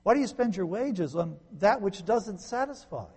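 A man preaching a sermon as a pastor, swinging from emphatic peaks down to quiet low phrases. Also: lively intonation, normal speed, slightly rough. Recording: long reverb in a large hall.

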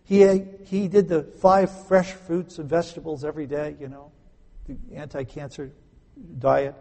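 Gravelly preacher in an echoey hall. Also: male voice, fairly high pitch, little pitch movement, moderate pace. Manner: emphatic, swings between loud stresses and quiet asides; conversational, explains grammar with homely examples. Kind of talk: sermon.

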